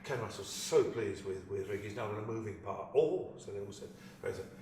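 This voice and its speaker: A man's voice: fairly low pitch, brisk, a little hiss or hum. Older man spinning a yarn, roomy echo. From London, England. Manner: lively raconteur, acts out the people he quotes. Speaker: actor recalling a film shoot. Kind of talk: anecdotal storytelling. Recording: echoey room, distant mic, faint ambience.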